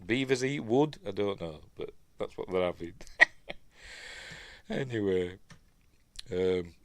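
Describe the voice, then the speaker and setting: A man's voice: on the low side, expressive, slow pace, a bit bright, no echo. A man with a Yorkshire accent hosting a casual, rambling film breakdown, often stopping to correct himself. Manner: rambling, self-correcting, chatty with fillers. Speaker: film reviewer host.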